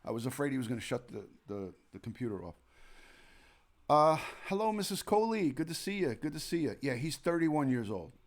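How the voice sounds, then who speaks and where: Gravelly New York man chatting live. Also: mid-range voice, lively intonation, fast, few pauses, a little mellow. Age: 40s. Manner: rambling, chatty, greets viewers by name mid-story. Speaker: livestream host, retired detective. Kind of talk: casual live-stream chat. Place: home at night.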